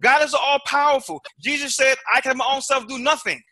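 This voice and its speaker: High, forceful man pressing a debate point. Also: a little fast, dry recording, clean studio sound. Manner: emphatic, stacks rhetorical questions, repeats words when pressing a point. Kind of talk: timed debate rebuttal.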